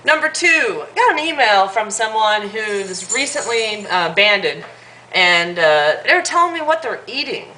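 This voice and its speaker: A woman's voice: medium pitch, very animated, measured pace, sharp tone, slight background noise, rough recording. A woman in her thirties giving blunt, fired-up advice in a casual vlog, swearing freely as she talks to her viewers. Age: 30s. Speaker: vlogger.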